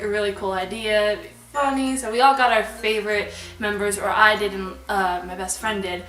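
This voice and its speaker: A young woman from Canada telling a storytime vlog, bubbly and excitable, rambling with lots of fillers. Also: medium pitch. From Alberta, Canada. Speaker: vlogger. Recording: echoey room, slightly distant mic, soft background music. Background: soft background music.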